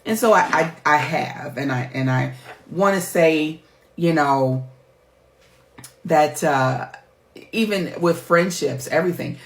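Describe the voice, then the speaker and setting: A woman's voice: low voice, slow, pauses often. A middle-aged woman, a life coach, talking candidly to her viewers in a heartfelt, emphatic, chatty way. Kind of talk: candid personal vlog talk. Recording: roomy echo.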